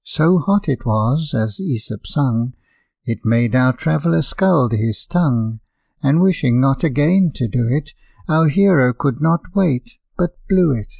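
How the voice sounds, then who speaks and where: A man narrates rhyming fables slowly, with a gravelly, mellow voice. His reading is measured and rhythmic, setting the verse in an even beat. The sound is close and dry. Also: medium pitch, no echo. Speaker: audiobook narrator.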